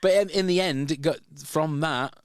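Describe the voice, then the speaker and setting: A man's voice: fairly high pitch, moderate pace, clear, resonant tone, dry recording, clean studio sound. A man, hosting a podcast and telling a long, rambling story in casual chat, often restarting his sentences. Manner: rambling, with many restarts and repeated words. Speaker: podcast host.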